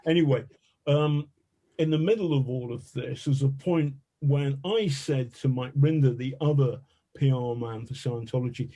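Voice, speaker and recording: Warm, husky-voiced man telling a story. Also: mid-range voice, normal speed. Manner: lively, swearing, self-mocking. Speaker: journalist telling an anecdote as a podcast guest. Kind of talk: anecdotal storytelling.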